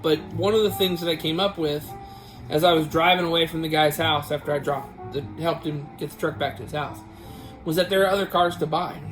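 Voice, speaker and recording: A man's voice: a little high, fairly even intonation, fairly quick, rough recording. A man hosting a casual vlog, telling a family story in a rambling way with many restarts. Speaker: vlog host. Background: guitar music.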